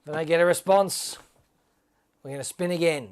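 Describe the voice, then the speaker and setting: A man's voice: fairly high pitch, a little fast. A man hosting a casual livestream giveaway, talking to viewers in a chatty, upbeat way and calling them mate. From Australia. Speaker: livestream host.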